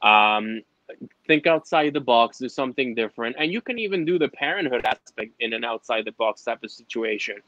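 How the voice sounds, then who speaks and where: Excitable man on a dull mic. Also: brisk, no echo. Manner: excitable, swoops up in pitch when enthused. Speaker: podcast host. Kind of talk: casual chat.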